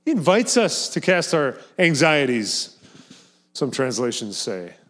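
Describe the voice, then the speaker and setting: A man's voice: on the high side, expressive, a little slow. A man preaching a sermon as pastor, talking earnestly and emphatically, often repeating words and phrases for effect.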